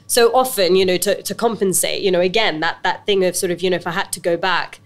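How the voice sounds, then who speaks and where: A woman's voice: on the low side, quick pace. British woman telling her story, chatty. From Britain. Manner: animated storytelling with many restarts and fillers. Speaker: actress and business owner, guest. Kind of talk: casual interview conversation.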